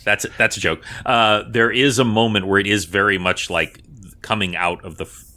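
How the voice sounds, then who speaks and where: A man narrating as game master in a measured way with fillers and asides. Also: fairly low pitch, steady tone, pushed and bright.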